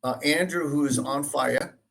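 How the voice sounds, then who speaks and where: A man with a Boston accent, from Dorchester, Massachusetts, chats as a real estate guest. He speaks haltingly, piling up fillers and restarts as he works through his points. His voice sits at an ordinary middle pitch. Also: gravelly, a crowd in the background. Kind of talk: casual interview.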